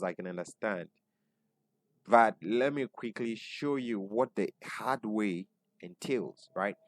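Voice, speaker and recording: A man's voice: fairly low pitch, no echo. A man with a Ghanaian accent teaching an online webinar as a business coach, repeating his points and asking the audience questions. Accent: Ghanaian English. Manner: repeats points, asks the audience, frequent "right?" tags.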